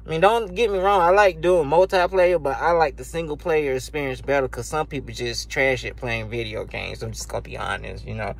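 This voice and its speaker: A man's voice: medium pitch, fairly even intonation, a little fast, vocal fry, hardly any pauses, dry recording. A man ranting casually and profanely to camera about video games, laughing often, recorded on a phone. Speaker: gaming YouTuber.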